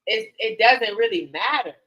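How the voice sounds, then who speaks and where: A woman's voice: fairly high pitch, expressive, normal speed, fairly bright tone. An older woman hosting a radio talk show, speaking frankly and animatedly, acting out quotes as she tells stories. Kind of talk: candid casual talk show conversation. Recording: slightly dull lo-fi sound.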